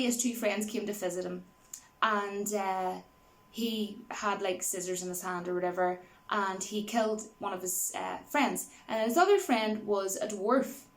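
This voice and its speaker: A woman giving a casual spoken movie review, rambling with many fillers and laughing easily as she retells scenes. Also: medium pitch.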